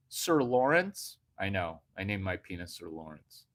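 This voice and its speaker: A man doing a brash stand-up monologue, jumping from hushed asides to sudden loud outbursts. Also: lowish voice, expressive, moderate pace, few pauses. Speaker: comedian.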